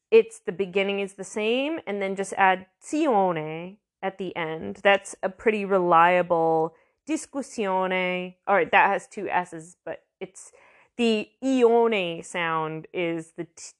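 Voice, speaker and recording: A woman giving a casual language lesson, chatty, sounding out words slowly and repeating them. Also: mid-range voice, a bit bright. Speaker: language teacher.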